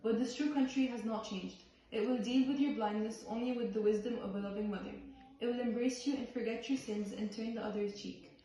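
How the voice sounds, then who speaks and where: A woman performing a play by reading the script aloud in a halting way, with restarts on some words. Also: on the high side, warm tone. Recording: far-off voice in a very echoey room.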